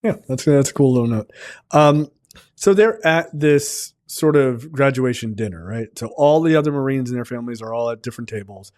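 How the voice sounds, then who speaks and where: A man's voice: medium pitch, brisk, darkish tone. A man co-hosting a film podcast, retelling movie scenes in a loose, profane casual chat full of fillers. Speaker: podcast co-host reviewing a film.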